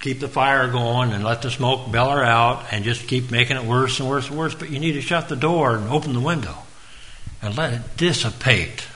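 A man's voice: mid-range voice, sharp tone, poor audio. A man giving an informal, earnest sermon in a folksy way, now and then calling on listeners by name. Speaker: preacher.

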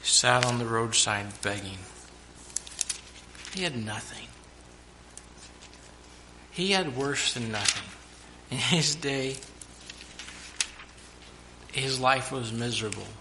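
A man preaching a sermon to his church, now and then shouting out the lines of the story he tells. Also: medium pitch, takes it slowly, long pauses, noisy background. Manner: preaching with sudden loud acted-out shouts.

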